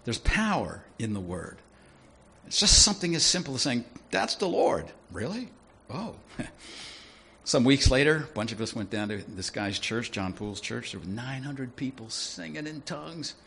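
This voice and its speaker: A man preaching a sermon in a lively, conversational way, often asking his listeners questions. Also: mid-range voice, moderate pace, vocal fry, slightly rough. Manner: animated, conversational, asks the audience questions.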